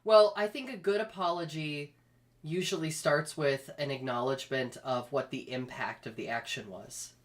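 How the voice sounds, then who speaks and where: A woman's voice: deep voice, moderate pace. A woman co-hosting a comedic chat show, thoughtful, with easy laughter and a habit of saying "girl.". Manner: thoughtful, calls people "girl," laughs easily. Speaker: podcast co-host.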